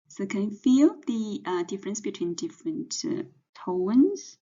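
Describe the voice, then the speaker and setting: A woman's voice: mid-range voice, lively intonation, a little slow, warm tone, breathy edge. A woman teaching pinyin pronunciation, patiently spelling out each sound and then blending the sounds together. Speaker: Chinese language teacher. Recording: dull, muffled lo-fi audio.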